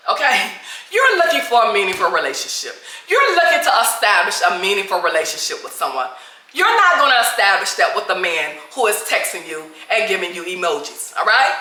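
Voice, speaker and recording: Woman, emphatic dating advice vlog, lively swooping pitch, bright voice, echoey room. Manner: emphatic, repeats "all right?" and "okay?" constantly. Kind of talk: direct-to-camera advice talk.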